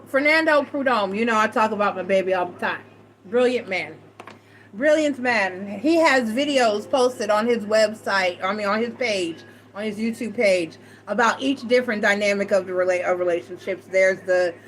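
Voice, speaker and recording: Woman, middle-aged, casual storytelling, animated, quoted voices, faint noise. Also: medium pitch, normal speed, rough recording. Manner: animated, acts out quoted voices, frequent self-restarts. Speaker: tarot reader and live chat host. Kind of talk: casual storytelling to a live chat.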